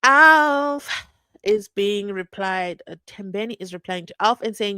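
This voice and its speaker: A woman's voice: medium pitch, expressive, a little slow, pushed and bright, smooth, no room sound. A woman hosting a true crime live stream, chatting casually, reading viewer comments and laughing often with mock-incredulous questions. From South Africa. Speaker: true crime channel host.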